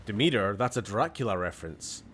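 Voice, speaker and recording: A man's voice: mid-range voice, animated, moderate pace, slight background noise. A Scottish man streaming a game, chatting casually in a rambling way with laughing asides and the odd swear. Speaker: gaming streamer. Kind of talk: casual live-stream chat.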